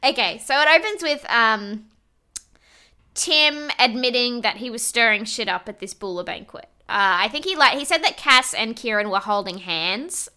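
Bright-voiced woman chatting casually. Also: fairly high pitch, lively intonation, moderate pace. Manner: chatty, laughs often, swears freely. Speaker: podcast co-host. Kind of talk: casual recap chat about a reality show.

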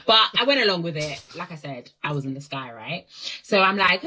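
A woman's voice: on the low side, fast talker, a little hiss or hum, rough recording. A woman telling a casual storytime monologue to camera and acting out each quoted line. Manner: animated, acts out the quotes. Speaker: storyteller in a clip.

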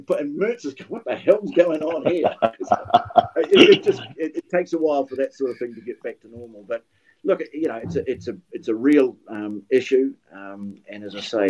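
Dull audio carries the medium-pitched, darkish voice of an older man from New Zealand. Chatting casually on a podcast as a guest commentator, he spins anecdotes and keeps restarting what he's saying.

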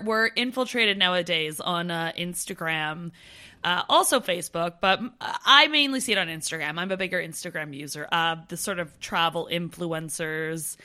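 A Canadian woman co-hosting a podcast in casual chat, playful and quick to laugh. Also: medium pitch, bright, forceful tone. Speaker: podcast co-host.

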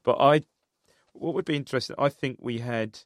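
A man co-hosting a football podcast, relaxed and reacting quickly. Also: mid-range voice, no room sound, studio quality. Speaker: podcast co-host. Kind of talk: casual football chat.

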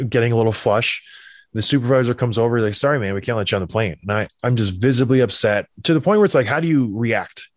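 A middle-aged man from Canada, a former hockey player, telling a rambling, animated anecdote in a casual way, quoting the people in it. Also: medium pitch, dry recording. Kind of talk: casual storytelling.

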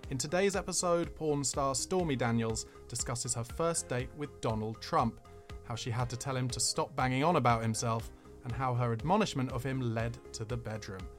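Measured male podcast host reading aloud. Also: medium pitch, faint music behind.

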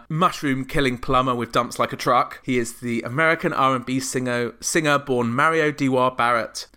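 A man hosting a comedic music chart podcast, sarcastic with deadpan asides. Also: medium pitch. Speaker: podcast host.

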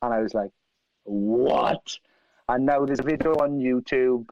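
A man from South Wales with a Welsh accent, telling animated, profane anecdotes and acting out other people's lines. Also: mid-range voice, a little fast, no room sound. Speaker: guest musician. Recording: dry, slightly dull lo-fi sound.

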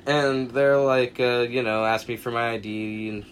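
A man's voice: mid-range voice, a little slow. Young guy on a podcast telling a wild story, does the voices, swears a lot, slight hiss. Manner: animated anecdote teller, acts out quotes, swears often. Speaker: podcast co-host. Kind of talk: casual storytelling chat.

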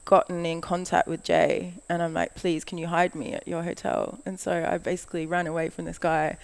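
A woman's voice: lowish voice, brisk, vocal fry. A woman, a guest who works as a model, telling a long story in casual chat, acting out what people said and saying "like" a lot. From Australia. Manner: animated storytelling, acts out quoted lines, frequent "like".

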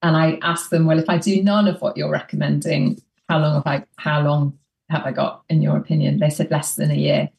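A woman, an interview guest, recounting her experience in a measured, hesitant way. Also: deep voice, little pitch movement, vocal fry, a little mellow. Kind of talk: casual interview chat. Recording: echoey, distant mic.

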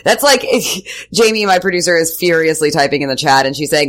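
Lower-pitched, playful podcast host. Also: female voice, expressive, fairly quick. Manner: playful, crude, joking banter. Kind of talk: casual comedic chat.

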